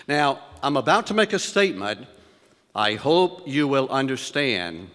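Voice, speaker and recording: A male preacher delivering a sermon with deliberate emphasis, questioning the congregation and reading scripture in lifted tones. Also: mid-range voice, big pitch swings, a bit bright, long reverb tail. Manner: reads scripture in elevated, rising tones.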